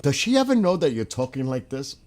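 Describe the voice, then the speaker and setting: A man in casual live-stream chat, blunt and excitable, swearing freely as he talks to the host and viewers. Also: medium pitch, brisk, poor audio.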